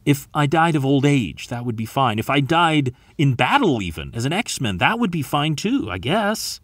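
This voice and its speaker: A man's voice: medium pitch, big pitch swings, normal speed, no echo, voice pushed up. A man voicing a frightened teenage girl who pleads in an upset way. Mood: upset, pleading.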